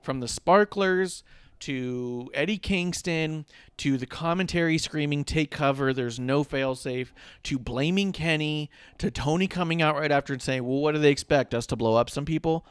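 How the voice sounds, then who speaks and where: A man's voice: fairly high pitch, moderate pace, clear, resonant tone, no echo. A man co-hosting a casual wrestling talk show, ranting with sarcasm and swearing freely. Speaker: podcast co-host.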